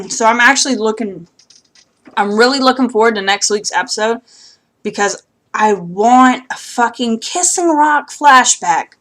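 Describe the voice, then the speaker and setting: A woman's voice: on the high side, unhurried, pauses often, fairly bright tone. Young woman rambling thru a tv recap outside, swears a lot, tons of um and like. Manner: chatty, profane, rambling with many fillers. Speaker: TV recap vlogger. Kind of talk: casual recap chat. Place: outdoors.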